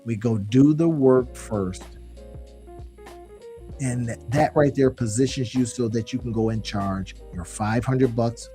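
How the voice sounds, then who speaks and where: A man giving a live screen-share tutorial on online business, talking in an animated, folksy way and calling viewers y'all. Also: mid-range voice.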